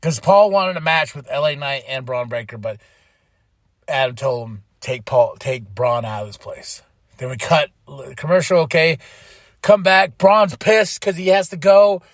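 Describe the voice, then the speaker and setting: A man hosting a podcast, excitedly recapping a wrestling show in casual chat, laughing and swearing freely. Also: a little high, measured pace, no echo. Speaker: podcast host.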